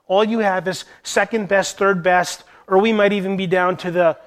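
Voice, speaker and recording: A man's voice: high-pitched, steady tone, moderate pace. A man giving an earnest Bible teaching to church leaders, posing rhetorical questions as he goes. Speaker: Christian teacher.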